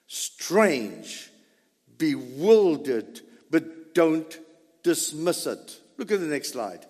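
A man preaching a sermon, animated, with sudden loud bursts and low asides. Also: very slow. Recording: reverberant hall.

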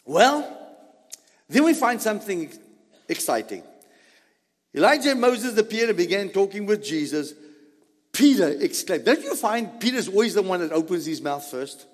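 A man preaching a sermon in a high, swooping voice that climbs and drops freely. He takes his time and fires rhetorical questions at the listeners. His words ring out with the long reverb of a large hall. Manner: animated, rhetorical questions to the congregation.

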